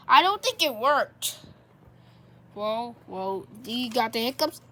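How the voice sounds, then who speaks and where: Woman running a homemade toy skit, high voiced, bright, unhurried, rambling delivery. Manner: excitable, rambling, with many restarts. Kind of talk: plush toy skit, one person doing all voices.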